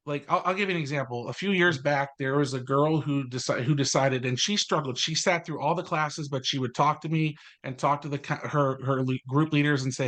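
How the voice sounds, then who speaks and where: A man co-hosting a faith podcast, talking passionately and fast with storytelling asides. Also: a little high, a bit bright. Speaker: co-host, confirmation teacher. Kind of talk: casual podcast chat.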